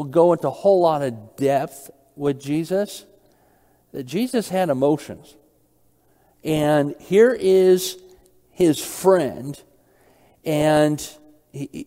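A man's voice: on the high side, mellow, big-room sound. A man preaching a Bible study sermon. He asks his listeners questions, repeats key phrases and reads verses aloud.

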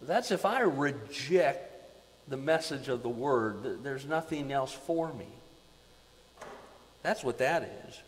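A man preaching a sermon as pastor, swinging between loud emphasis and quiet, repeating words for weight. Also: mid-range voice, lively intonation, slow, pauses often, big-room sound, slight background noise, poor audio.

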